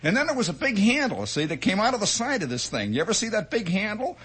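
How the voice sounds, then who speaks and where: Man, comic storytelling monologue, husky voice, high and very lively pitch. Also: fast. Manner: animated, chatty asides, sound effects. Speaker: radio storyteller.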